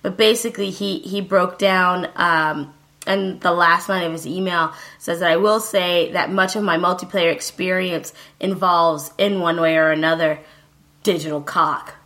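Bright, chatty woman podcast host. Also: lowish voice, steady tone, moderate pace, rough recording. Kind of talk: casual podcast chat.

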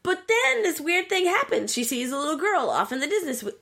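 A woman co-hosting a casual chat, retelling a game's plot in an animated way with plenty of swearing. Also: sits high, a little fast, creaky. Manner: profane, animated storyteller. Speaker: podcast co-host.

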